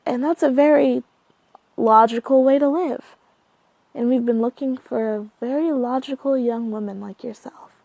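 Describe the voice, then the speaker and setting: Woman doing a calm menacing man on the phone, polite, gravelly, storybook. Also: high-pitched, normal speed, dry recording, highs cut off. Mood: calm menace. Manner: calm, polite, quietly threatening. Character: calm menacing male corporate caller.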